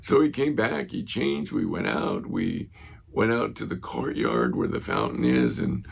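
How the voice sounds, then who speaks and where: A man's voice: low-pitched, huge pitch swings, unhurried, creaky, breathy edge. A man preaching a sermon as a pastor, telling a story earnestly and retelling conversations.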